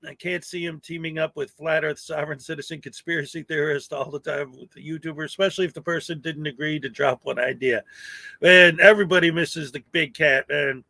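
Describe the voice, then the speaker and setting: A man's voice: fairly high pitch, steady tone, fairly quick, gravelly, pushed and bright, dry recording. A man hosting a morning livestream, cheerfully greeting chat viewers by name in casual talk. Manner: upbeat, greets viewers by name, laughs often. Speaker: livestream host. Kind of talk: casual live chat shout-outs.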